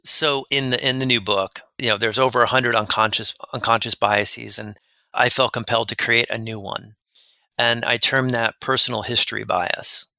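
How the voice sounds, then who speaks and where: A man with a gravelly, very bright and forceful voice tells animated, rambling stories as a podcast guest. His sound is close and dry, with no room around it. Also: medium pitch, moderate pace, dry recording. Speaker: guest expert on workplace respect. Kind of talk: storytelling in a podcast interview. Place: lives in New Jersey.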